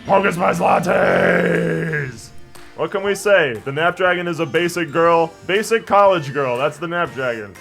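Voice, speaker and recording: Young male let's-player, slightly high voice, rambling and jokey, faint game music behind. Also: expressive, moderate pace, hardly any pauses, fairly bright tone. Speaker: gaming channel host. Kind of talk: let's play commentary, reading dialogue aloud.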